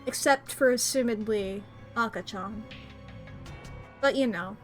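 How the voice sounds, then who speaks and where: Woman, American accent, high voice, playful streamer chatter, faint music behind. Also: a little slow. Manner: playful, chatty, talks straight to viewers. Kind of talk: casual live-stream chat while gaming. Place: home room by a window.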